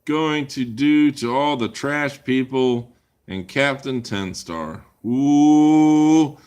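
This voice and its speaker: A man's voice: medium pitch, slow. Man rambling crude jokes on livestream. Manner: rambling, crude joking banter. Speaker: livestream host answering chat. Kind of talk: casual live chat Q&A.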